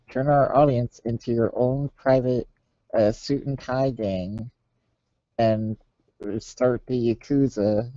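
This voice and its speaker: A man co-hosting a casual comedy podcast, halting and stammering, repeating words as he teases his co-host. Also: medium pitch, dark tone, dry recording. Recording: dull, lo-fi, dry podcast audio.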